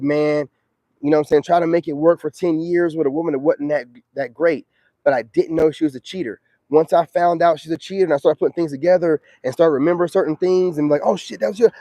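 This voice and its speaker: A man talking on his own live stream in a casual, slangy way. He preaches with emphasis, in a slightly high voice with a mellow, warm tone. The sound is dry and close. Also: no room sound.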